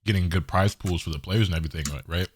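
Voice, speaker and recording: A man on a casual panel stream, talking rapidly in slangy, profane speech. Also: low-pitched, fairly even intonation, a little hiss or hum. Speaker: guest on a community stream.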